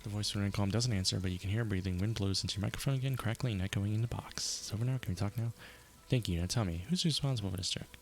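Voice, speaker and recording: A man streaming a video game, reading its narration aloud and reacting with quick casual asides. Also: fairly low pitch. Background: game music.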